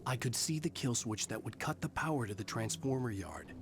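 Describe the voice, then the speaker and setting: An actor voicing a weary writer who narrates his ordeal in a brooding, measured voice. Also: medium pitch, very animated, background noise, natural voice. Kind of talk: game narration.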